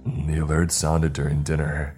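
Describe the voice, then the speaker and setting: A man voicing a grieving middle-aged father, speaking slowly in a wavering, broken baritone. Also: soft background music. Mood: grief-stricken. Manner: slow, muttered, flat monotone.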